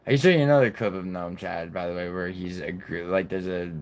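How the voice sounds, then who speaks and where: A man's voice: sits low, brisk, clear, resonant tone. A man commenting bluntly and profanely while reacting to videos on a live stream.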